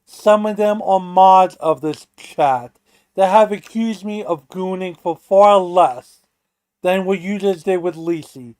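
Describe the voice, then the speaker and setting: A man with a high voice talks slowly and meanders through his point, starting over and swearing as he goes. He is co-hosting a casual livestream, recorded dry and close to a desk mic. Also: a little mellow, clear, resonant tone, no room sound. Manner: rambling, restarts and profane rants. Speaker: stream co-host.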